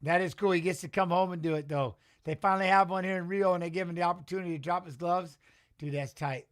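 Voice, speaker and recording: A man hosting a live watch-along stream, chatting casually, reacting with excitement and answering viewers in the chat. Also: sits high, fast talker.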